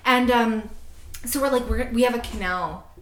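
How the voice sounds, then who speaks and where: A woman in her twenties from Canada, chatting casually on a podcast and telling a story in an animated way, acting out quotes. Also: fairly high pitch, echoey room. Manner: animated, quick, laughing asides, acts out quotes. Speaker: podcast co-host.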